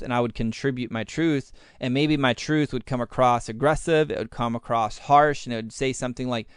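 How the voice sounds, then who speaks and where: Brief: male podcast host, smooth resonant voice, dry close sound, animated, acts out his thoughts mid-sentence. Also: medium pitch, a little fast, hardly any pauses, no echo. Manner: animated, acts out his own inner voice in quotes; uses many fillers like "like". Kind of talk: casual podcast talk.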